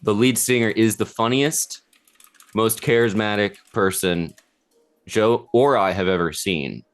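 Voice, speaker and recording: A man's voice: lowish voice, a little slow, clean tone. A man co-hosting a podcast, making dry, matter-of-fact remarks. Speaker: podcast co-host. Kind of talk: casual chat.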